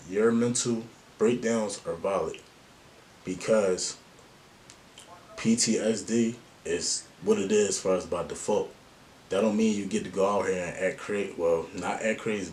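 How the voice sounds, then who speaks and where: Man, very low voice, slangy earnest vlog talk, faint hiss behind. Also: darkish tone. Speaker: vlogger giving life advice. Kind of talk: casual to-camera talk.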